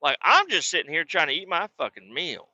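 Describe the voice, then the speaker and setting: A man's voice: fairly high pitch, a little fast, no room sound. A man hosting a podcast, telling a rambling personal story in a casual, profane way. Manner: profane, rambling, animated when quoting. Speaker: podcast host. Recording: dull lo-fi recording.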